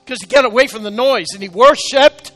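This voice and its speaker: A man preaching an emotional sermon to his congregation, urging them on and rising to shouted exhortation. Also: extremely high pitch, fairly quick, faint music behind. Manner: calls out to congregation, repeats "come on". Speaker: pastor. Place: church sanctuary, live service.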